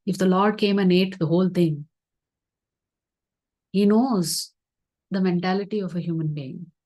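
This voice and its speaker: A woman teaching scripture through a story, acting out the dialogue in an earnest, gentle way during an online session. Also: lowish voice, a little slow. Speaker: spiritual teacher.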